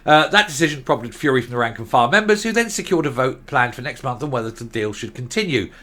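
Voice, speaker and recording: A man's voice: medium pitch, lively intonation, fast, pushed and bright. A man giving opinionated political commentary, reading news quotes aloud and rebutting them with blunt sarcasm.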